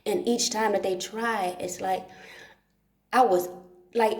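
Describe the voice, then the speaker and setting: A woman's voice: medium pitch, steady tone, takes it slowly, pauses often, a little mellow, reverberant. A woman talking in a casual, rambling monologue at home, cursing often and repeating herself for emphasis. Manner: profane, repetitive, emphatic. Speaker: livestream host. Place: dark room at home.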